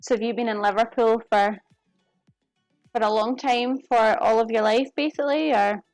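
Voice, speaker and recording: A woman's voice: a little high, steady tone, normal speed, a little mellow, dry recording, faint music behind. A woman chatting casually with her viewers as she cooks on a live stream. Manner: chatty, talks to viewers while cooking. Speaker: cooking streamer. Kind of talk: casual live cooking chat. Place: home kitchen.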